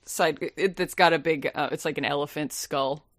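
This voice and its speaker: A woman's voice: deep voice, normal speed, no room sound, clean studio sound. A woman co-hosting a movie podcast, rambling and laughing as she picks apart a film. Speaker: podcast co-host. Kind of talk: casual movie-review chat.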